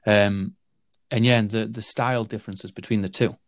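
A man's voice: lowish voice, steady tone, moderate pace, dry recording, studio quality. A man in a casual film chat, rambling with lots of fillers and restarts.

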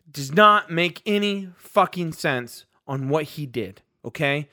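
A man co-hosting a sports podcast, heated and ranting, his voice rising into incredulous outbursts. His voice sits high and sounds bright and forceful. The recording is dry and close, with no room sound. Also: animated, unhurried, dry recording. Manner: fired-up, ranting, rising to shouts of disbelief. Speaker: podcast co-host.

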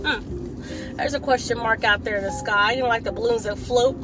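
A woman's voice: fairly high pitch, brisk, background noise. A woman giving a casual opinion monologue while driving, sassy and scolding, with frequent laughs. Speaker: vlogger.

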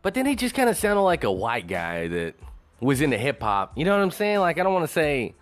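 A man talks alone on his own show in a loose, rambling rant, swearing freely as he drifts off topic. His pitch jumps up and down a lot, and faint music plays behind him. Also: brisk. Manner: rambling, profane, animated. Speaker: show host. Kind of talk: casual solo commentary.

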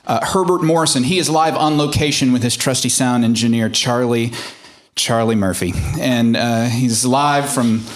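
A man's voice: medium pitch, normal speed. A man hosting a live comedy radio show, loose and chuckling with lots of fillers. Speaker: host.

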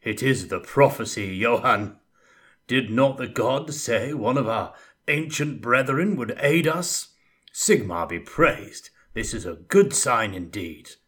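A man voicing a zealous, boastful knight in an audiobook, speaking loudly and fervently. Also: lowish voice, slow, heavily acted. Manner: loud, commanding, fervent. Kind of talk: audiobook character voice.

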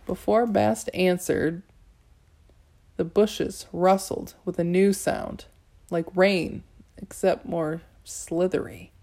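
A woman narrating a novel in the first person, measured, with small restarts. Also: on the low side, fairly even intonation, mellow. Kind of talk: audiobook narration.

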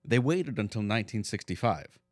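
A man's voice: fairly low pitch, lively intonation, fairly quick, a little mellow, no echo. A man co-hosting a podcast, chatting casually in a blunt, dry way and telling stories with swearing. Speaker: podcast co-host. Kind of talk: casual chat.

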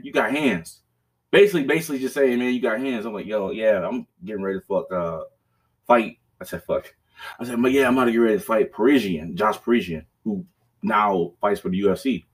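A man's voice: lowish voice, animated, fairly quick. Profane rambling man telling stories. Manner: profane, rambling, with laughs and restarts. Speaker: podcast host. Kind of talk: casual storytelling chat.

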